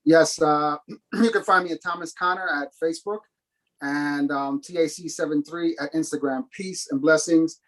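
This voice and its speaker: A man reading his poems at an online open mic over a video call, in a calm, measured way, switching between English and Spanish. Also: a little high, low-quality recording. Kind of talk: poetry reading.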